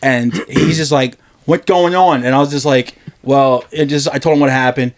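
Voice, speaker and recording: A man's voice: mid-range voice, steady tone, moderate pace. A man telling a long story in casual podcast chat, loose and profane, laughing often as he goes.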